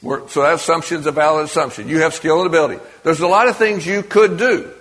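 A man's voice: fairly high pitch, fast talker, fairly bright tone. A man giving a sermon to a congregation in a conversational way, often asking the audience questions. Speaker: preacher. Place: church or meeting hall with an audience. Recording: long reverb of a large hall.

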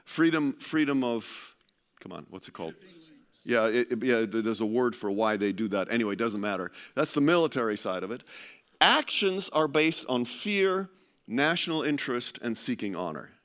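A man's voice: on the low side, lively intonation, a little fast. A man giving an informal presentation to a live audience, chatty and joking, often stumbling and restarting as he searches for words.

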